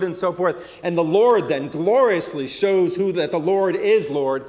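Man, high voice, sermon, folksy storytelling, long echo of a big hall. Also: expressive, measured pace, darkish tone. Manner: conversational, folksy storytelling with many fillers and restarts. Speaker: pastor.

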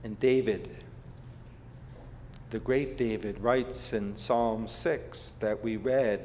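A man's voice: lowish voice, steady tone, slow pace, long pauses, a little mellow. A man preaching a sermon, repeating key phrases for emphasis, with frequent fillers and restarts. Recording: echoey hall with long reverb.

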